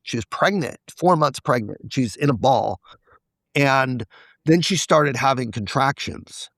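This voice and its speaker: Guy with a gravelly voice, dry close sound, opening up on a podcast, voices the back-and-forth lines. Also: medium pitch, expressive, measured pace, a bit bright, dry recording. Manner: confessional, acts out quoted dialogue. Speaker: podcast guest. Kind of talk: candid personal storytelling.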